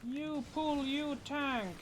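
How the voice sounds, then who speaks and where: Woman doing a shrill squawking pirate parrot. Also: very slow, slight background noise. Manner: shrill squawks, repeats short phrases.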